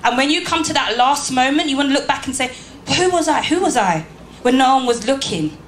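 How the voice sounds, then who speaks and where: In a church hall, a woman delivers a motivational speech to a live audience, emphatically hurling rhetorical questions at the crowd. Her voice sits high with lively intonation and a slightly quick pace. The roomy hall carries faint background ambience, and there's a touch of hiss or hum.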